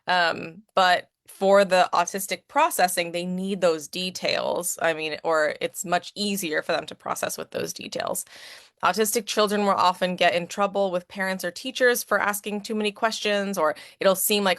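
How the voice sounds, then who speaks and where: With a medium-pitched, fairly bright voice at a moderate pace, a woman who works as an advocate and educator presents with slides conversationally. She frequently asks "right?", recorded in studio quality without echo.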